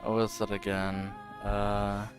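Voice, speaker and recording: A man streaming a game, casually recapping the story and quoting the characters in slangy, animated asides. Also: on the low side, takes it slowly, music in the background.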